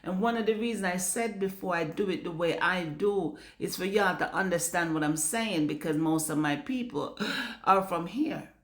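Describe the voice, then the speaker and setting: A woman's voice: lowish voice, moderate pace, roomy sound. A Jamaican woman speaking bluntly in a casual vlog rant, swearing freely and slipping into patois. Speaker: vlogger. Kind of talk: casual ranting monologue.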